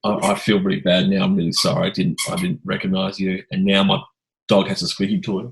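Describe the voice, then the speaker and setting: A podcast host with a fairly low voice. He rambles through anecdotes in a relaxed, chatty interview, full of restarts and lively asides. It sounds like easygoing conversation between fellow drummers. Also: fast, vocal fry, low-quality recording. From Australia. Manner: rambling anecdotal storyteller, animated. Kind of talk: casual interview chat.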